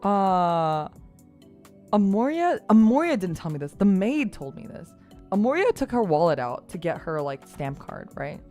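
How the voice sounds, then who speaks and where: A young adult woman streamer telling a story in casual chat, animated, laughing and swearing freely. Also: mid-range voice, measured pace, soft background music.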